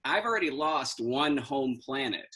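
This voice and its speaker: A man's voice: medium pitch, animated, a little slow, pushed and bright. A man playing Superman as a cranky, profane stand-up comic ranting about quarantine. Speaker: stand-up comedian in costume. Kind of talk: in-character stand-up.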